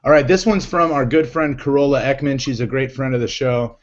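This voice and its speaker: A man's voice: medium pitch, fairly even intonation, brisk. Joking male host, lo-fi sound. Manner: joking, teasing. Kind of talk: casual online show chat. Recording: dull lo-fi audio, faint noise.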